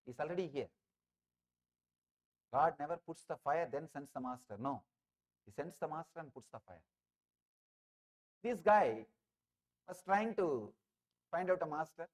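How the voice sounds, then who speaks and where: Emphatic Indian-accented spiritual teacher. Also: male voice, a little high, expressive, a little slow, pauses often. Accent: Indian English. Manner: emphatic, repeats phrases for effect. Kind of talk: spiritual discourse with storytelling.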